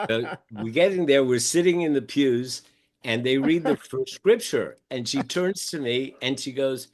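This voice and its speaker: An older man talks as a podcast guest, spinning anecdotes in a relaxed way. He slips into other people's voices as he retells their words, keeping the flow conversational. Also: mid-range voice, measured pace. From United States. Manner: animated storyteller acting out quoted dialogue. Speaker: podcast guest, mindfulness teacher. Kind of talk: casual storytelling interview.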